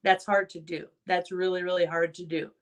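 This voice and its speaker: A woman's voice: lowish voice, flat delivery, moderate pace. A woman chiropractor giving an earnest motivational talk to fellow chiropractors. She tells stories and repeats key phrases for emphasis.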